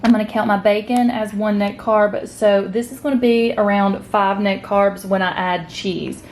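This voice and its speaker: A woman's voice: mid-range voice, fairly even intonation, normal speed, slight background noise. A woman, chatting casually to camera about her day and food, upbeat and addressing viewers directly. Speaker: keto vlogger. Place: at home, partly outdoors.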